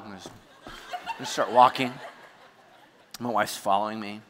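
A man preaching a sermon, telling a story with animated energy and sudden shouts. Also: on the low side, normal speed, big-room sound. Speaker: pastor.

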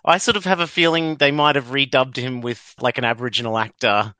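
A man's voice: mid-range voice, a little fast, dry recording. A man co-hosting a podcast, chatting casually and laughing as he acts out bits of dialogue. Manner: laughing, animated, acts out lines. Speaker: podcast co-host. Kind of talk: casual chat.

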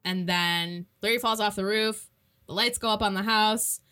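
A young woman chatting casually while recapping a movie plot, animated and quick to laugh, with lots of filler words. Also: mid-range voice.

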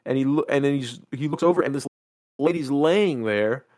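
A young man telling a story from a game with animated energy and plenty of swearing. He sits at a middle pitch in a dry, close recording, talking like he would with friends. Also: moderate pace, no room sound. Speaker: podcast host. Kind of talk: casual chat.

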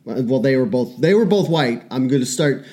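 A man's voice: medium pitch, animated, normal speed, warm tone. A man in his forties, a podcast co-host in casual chat who tells stories with profanity and self-deprecating jokes.

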